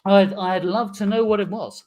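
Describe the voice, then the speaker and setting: A woman's voice: medium pitch, normal speed. A woman hosting an improvised comedy game, prodding and laughing as she questions a guest. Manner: animated, prodding, laughing often. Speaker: improv host.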